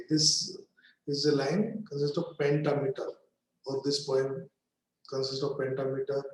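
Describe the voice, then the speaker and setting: Slow, deliberate male lecturer in an echoey room. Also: medium pitch, level tone. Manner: slow, deliberate, pausing between phrases. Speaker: literature lecturer. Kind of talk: recorded classroom lecture.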